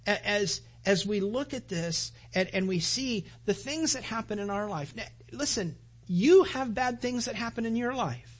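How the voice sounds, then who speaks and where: A middle-aged man preaching a sermon as pastor, telling a personal story in a conversational, animated way. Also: sits high, normal speed.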